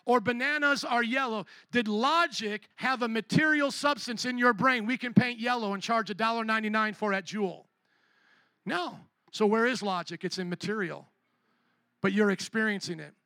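A man's voice: very high-pitched, normal speed, pushed and bright, no echo. A pastor preaching a sermon, a man who throws questions to the congregation and calls for responses.

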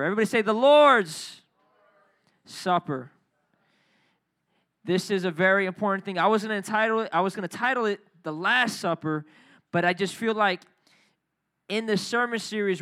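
Young guy preaching, high ringing voice, hypes up the crowd, loose and jokey. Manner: energetic, playful, calls out to the congregation. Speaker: pastor. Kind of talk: sermon.

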